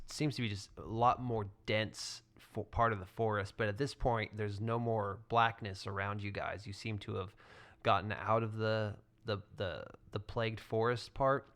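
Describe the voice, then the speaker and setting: Low-voiced man narrating a tabletop game. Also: smooth. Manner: relaxed, filler-heavy narration with many restarts. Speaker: game master.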